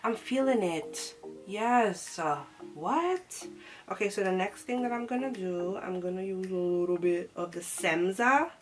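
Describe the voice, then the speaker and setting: A young woman talks through her makeup routine in a sassy, slangy, chatty way. Her voice sits at a middling pitch. Clear music plays behind her. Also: expressive, unhurried. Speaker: beauty vlogger. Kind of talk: casual makeup tutorial chat.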